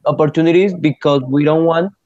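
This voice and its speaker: Tentative male student, slightly high, muffled. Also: steady tone, brisk, a little mellow, slight background noise. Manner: tentative questions. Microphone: video call.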